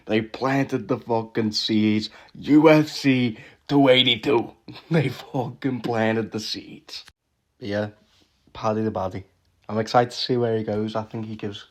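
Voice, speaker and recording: A man giving a casual, swear-heavy reaction rant about fights, with frequent laughs and quick restarts. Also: lowish voice, a little mellow. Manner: swears constantly, laughs often, rants with restarts. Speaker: MMA reaction vlogger.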